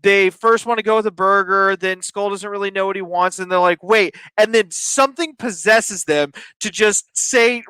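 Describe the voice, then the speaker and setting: A man's voice: high voice, normal speed, few pauses, sharp tone, smooth, no echo. A man talking as a guest in a casual review chat, teasing and jokey. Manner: teasing, jokey, slips into silly voices. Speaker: podcast guest.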